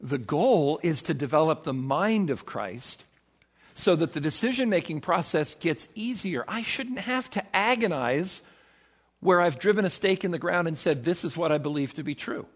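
A man preaching a sermon as pastor, emphatic, acting out quoted voices with sudden swings in pitch. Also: lively intonation, normal speed.

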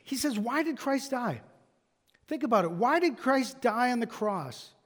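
A male pastor with a strikingly high voice delivers an emphatic sermon, pressing his point with repeated rhetorical questions. His voice rings with the long reverb of a large church hall. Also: animated, unhurried.

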